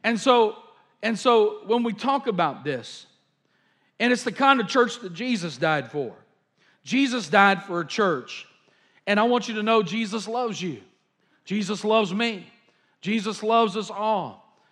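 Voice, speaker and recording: High-voiced fervent preacher man. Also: animated, unhurried, fairly bright tone. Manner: fervent, repetitive preaching with fillers. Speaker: pastor. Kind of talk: sermon storytelling.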